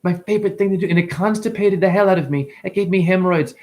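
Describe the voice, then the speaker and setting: A man giving a free-flowing spiritual monologue on his channel. He talks animatedly, calls the listener honey, and swings between loud bursts and whispers. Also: fast. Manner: animated, sudden jumps in pitch and loudness. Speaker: spiritual vlogger.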